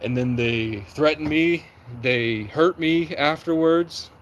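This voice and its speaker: A young man on a livestream, recounting events in an agitated, rapid way and acting out what people said. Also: fairly high pitch, slight background noise, poor audio. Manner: agitated, rapid storytelling with reenacted quotes. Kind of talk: livestream monologue.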